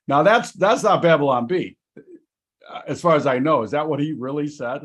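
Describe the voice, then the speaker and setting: A man's voice: a little high, lively intonation, moderate pace, a bit bright. A man hosting a casual markets talk show, loose and rambling, laughing easily. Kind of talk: casual chat.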